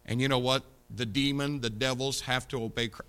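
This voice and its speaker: A man preaching an impassioned sermon, swinging from loud declarations to low, confiding asides. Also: steady tone, brisk, few pauses, clean tone. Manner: impassioned, rises loud on key points, drops low to confide.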